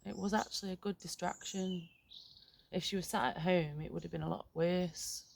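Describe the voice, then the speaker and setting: Low gravelly-voiced middle-aged woman vlogging. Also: fairly even intonation, dry recording. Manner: frank, halting, swears casually. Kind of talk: candid reflective vlog. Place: outdoors in a garden.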